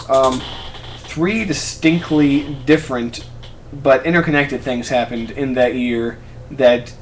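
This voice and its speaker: A man's voice: medium pitch, a little hiss or hum. A man in his twenties answering viewers' questions in a casual vlog, chatty and rambling, often stopping to correct himself. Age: 20s. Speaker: YouTube creator answering fan questions. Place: apartment room.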